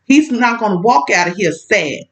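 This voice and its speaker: A woman's voice: mid-range voice, lively intonation, normal speed, poor audio. A woman telling a personal story in a casual vlog, outspoken and emphatic, talking straight at an absent ex-partner.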